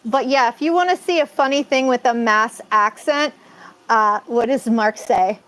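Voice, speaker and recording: Brief: chatty, rambling woman, live-stream co-host, slightly high voice. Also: moderate pace, fairly bright tone, low-quality recording. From Massachusetts. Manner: chatty, rambling, laughs often. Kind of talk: casual live-stream chat.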